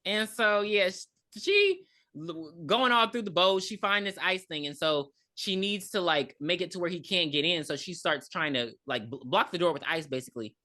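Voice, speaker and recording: A woman co-hosting a podcast, casually retelling a movie's plot in a blunt, animated way with cursing. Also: on the low side, moderate pace. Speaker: podcast co-host. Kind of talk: casual chat recapping a movie.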